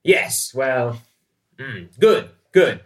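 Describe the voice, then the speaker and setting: A man voicing a rakish, boastful gentleman who flirts and drops names, in a tabletop game. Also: medium pitch, very animated, drawn-out words, pitched above the performer's own voice. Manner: pompous name-dropping swagger. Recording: echoey and distant from the mic.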